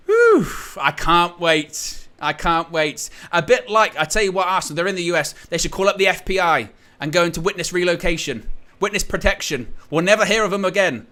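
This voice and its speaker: A man hosting a live fan watchalong stream, gloating and teasing rivals in animated commentary. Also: high-pitched, normal speed.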